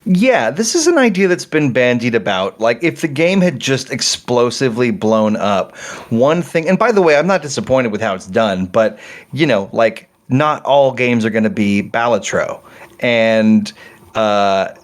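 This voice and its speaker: A man's voice: mid-range voice, expressive, a little slow. A middle-aged man talking casually as a game developer guest on a podcast, rambling and correcting himself as he tells a story with animation.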